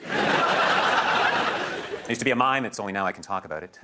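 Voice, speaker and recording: A man delivering deadpan one-liners in a stand-up set. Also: low-pitched, moderate pace, long pauses, heavy background noise. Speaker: stand-up comedian.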